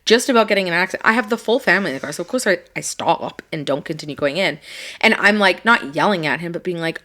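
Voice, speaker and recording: A woman's voice: lowish voice, animated, quick pace, fairly bright tone. A woman co-hosting a podcast, telling a story in a casual chat, swearing freely and acting out a heated exchange. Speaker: podcast co-host.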